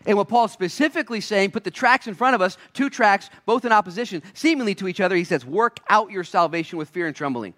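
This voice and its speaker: A man preaching a sermon as a pastor, acting out little voices, swinging between loud shouts and quiet asides. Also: sits high, expressive, quick pace, hardly any pauses.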